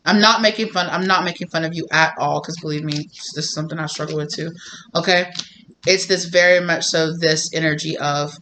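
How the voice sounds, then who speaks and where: Bright-voiced chatty woman tarot reader. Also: deep voice, fairly even intonation, fairly quick, a little hiss or hum. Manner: chatty, filler-heavy, acts out quoted voices. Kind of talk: casual tarot reading.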